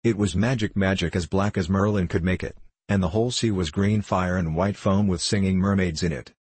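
An ancient, mischievous male sprite, read aloud by a man tells of old magic with a wry, knowing edge. His voice sits low and a little husky. The audiobook recording is close and dry. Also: fairly even intonation, a little fast, a little mellow, no echo. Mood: scornful. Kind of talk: audiobook character reading.

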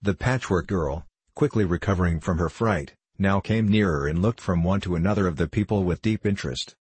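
A man narrates a storybook in a measured, expressive way. His voice is low and husky, and the recording is close and dry. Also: no echo. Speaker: audiobook narrator.

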